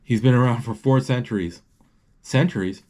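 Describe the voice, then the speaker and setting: A man narrates a movie live as it plays, in a dark, mellow voice. He stumbles through his sentences, restarting and correcting himself as the scenes change. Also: mid-range voice. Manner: halting, with many restarts and self-corrections. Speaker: movie describer.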